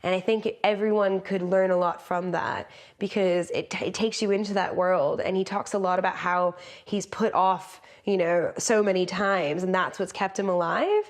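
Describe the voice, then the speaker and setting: A woman's voice: on the low side, moderate pace. A woman from the United States, a podcast guest talking conversationally and acting out quotes as she tells stories. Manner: animated storyteller who acts out quotes. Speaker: podcast guest, lived experience practitioner. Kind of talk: conversational interview.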